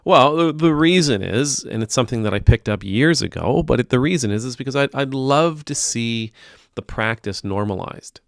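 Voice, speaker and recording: A man's voice: mid-range voice, lively intonation, moderate pace, gravelly, no room sound, studio quality. A man, a priest, giving casual spoken commentary in a wry, teasing, conversational way.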